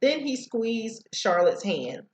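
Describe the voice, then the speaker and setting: A woman's voice: a little high, very animated, slow pace, a little mellow, roomy sound, poor audio. A woman teacher reading a novel aloud to students over a headset, sometimes stumbling over words.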